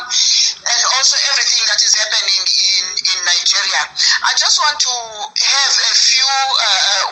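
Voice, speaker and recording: A woman's voice: fairly high pitch, bright, forceful tone, poor audio. A woman with a South African accent calling in to a radio show, speaking in an urgent, impassioned way. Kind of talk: phone-in call.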